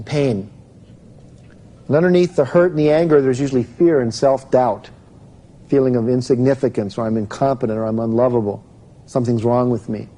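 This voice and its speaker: Man giving a seminar talk, mellow voice. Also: mid-range voice, poor audio. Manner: explains step by step, quizzes the audience. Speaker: self-help seminar speaker. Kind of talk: live seminar talk to an audience.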